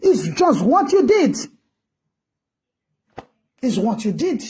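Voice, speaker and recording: A woman's voice: fairly high pitch, big pitch swings, slow, mellow. A Nigerian woman giving ranting commentary, scolding and asking rhetorical questions in a mix of English and Pidgin.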